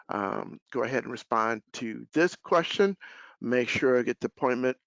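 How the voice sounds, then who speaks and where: Gravelly-voiced man hosting a webinar. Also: medium pitch, dry recording. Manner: casual, relaxed, filler-heavy. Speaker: webinar host, life sales director. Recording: dull lo-fi call audio.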